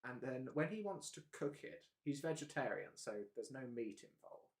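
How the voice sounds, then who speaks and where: Lively, rambling male stream host. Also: mid-range voice, moderate pace, gravelly. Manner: rambling, hesitant, laughs often. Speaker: livestream host. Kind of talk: casual live-stream chat.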